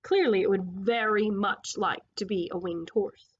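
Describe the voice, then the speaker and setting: A woman's voice: medium pitch, a little slow, slightly rough, lo-fi sound. A woman casually reading a children's story aloud, stumbling over words and making side remarks. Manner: informal, with slips, restarts and asides. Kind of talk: casual read-aloud narration.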